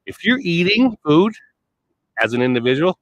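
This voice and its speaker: A man's voice: a little high, big pitch swings, moderate pace, no room sound, dull audio. A man rambling through a blunt, profane monologue, swearing constantly and trailing off before picking his thread back up. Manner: wandering, trails off and restarts.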